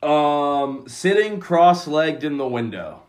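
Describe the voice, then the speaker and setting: A young woman co-hosting a casual podcast, telling relaxed stories and giggling. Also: low voice, slow pace, a little hiss or hum. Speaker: podcast co-host. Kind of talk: casual chat.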